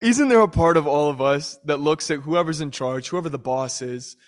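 A man's voice: fairly high pitch, normal speed. A young man preaching a sermon, telling a personal story and acting out the voices of people in it. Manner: storytelling, acts out voices in prayers and quotes.

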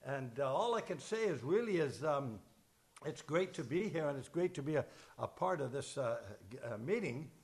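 A man leading a church service as pastor, emotional and chatty, fumbling with his notes and screen between warm asides. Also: a little high, expressive, moderate pace. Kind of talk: sermon with casual asides. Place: church service shared over video call.

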